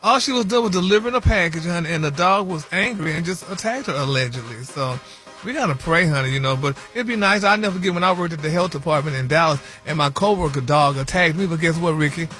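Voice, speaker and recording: A man's voice: a little high, animated, fast talker, pushed and bright, soft background music. A man reading celebrity news on a radio morning show in a flamboyant, sing-song way, full of "y'all" and "honey".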